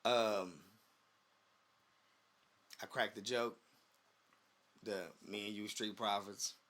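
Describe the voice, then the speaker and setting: Male podcast co-host, bright tone, lively casual storyteller who acts out quotes. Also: fairly low pitch, slow. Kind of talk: casual chat.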